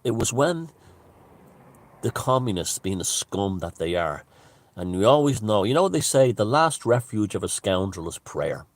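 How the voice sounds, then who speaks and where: A man's voice: lowish voice, big pitch swings, moderate pace, dry recording. A man giving a casual, rambling monologue, emphatic and full of restarts and asides. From Ireland. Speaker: author and commentator.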